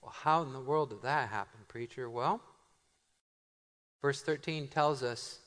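A middle-aged man preaching a sermon as pastor, animated and joking, laughing often and slowing down to stress key phrases. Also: medium pitch. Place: church sanctuary. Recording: long hall reverb.

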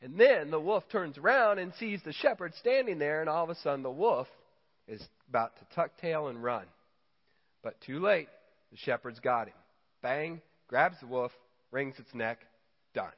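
A man preaching a sermon, telling stories and acting out quotes with lively emphasis. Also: a little high, normal speed. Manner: storytelling, animated quoting. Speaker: pastor. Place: church hall. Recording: dull sound in a reverberant church hall.

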